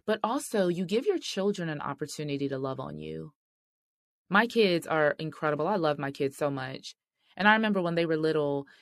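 Her low voice comes through with no room sound and clean studio quality. A middle-aged woman, she hosts a faith-based marriage podcast and addresses listeners directly and earnestly as "y'all" and "sis."

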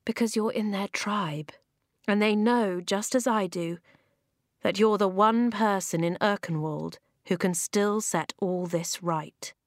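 A woman voicing an earnest young boy, speaking softly and slowly in a storybook reading. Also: mid-range voice, no echo, clean studio sound. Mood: tender. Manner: soft, slow and tender.

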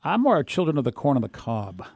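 A man hosting a podcast in casual chat, jokey and halting, with lots of fillers. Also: mid-range voice, very animated, creaky, darkish tone. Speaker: podcast host.

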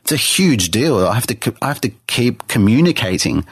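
A man's voice: mid-range voice, big pitch swings, a little fast, breathy edge, no room sound, clean studio sound. A man telling his life story as a guest on a podcast interview, earnest and full of restarts. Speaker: guest artist. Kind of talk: personal testimony in a podcast interview.

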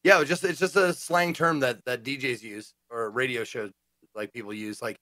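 A man's voice: medium pitch, moderate pace, pushed and bright, no echo, clean studio sound. A man co-hosting a casual gaming talk show, playful and prone to mock announcer voices. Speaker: co-host. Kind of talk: casual chat.

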